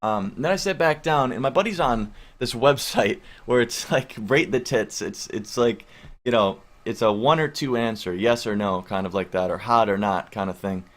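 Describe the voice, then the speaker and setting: A young man in his twenties tells a long personal story in a loose, rambling way. He leans hard on filler words and swears offhandedly as he talks, and his voice sits at an ordinary middle pitch. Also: moderate pace. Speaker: vlogger. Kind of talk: casual storytelling.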